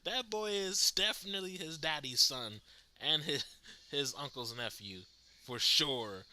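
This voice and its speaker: A man's voice: a little high, a little slow. A man hosting a live reaction stream, chatting casually with viewers and laughing often. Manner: animated, laughs often, talks to chat viewers. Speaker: livestream host reacting to wrestling.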